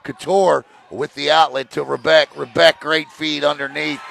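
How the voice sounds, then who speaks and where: A man calling a high school basketball game play by play, excitable on big plays and joking between them. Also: moderate pace, creaky, a little hiss or hum. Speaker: play-by-play announcer. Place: gym broadcast position.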